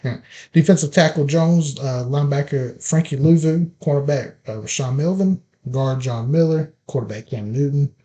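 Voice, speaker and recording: A man hosting a casual sports podcast, listing players in a relaxed, chatty way. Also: a little high, normal speed. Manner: opens with playful scripted biblical flood wordplay, then relaxed listing. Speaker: podcast host.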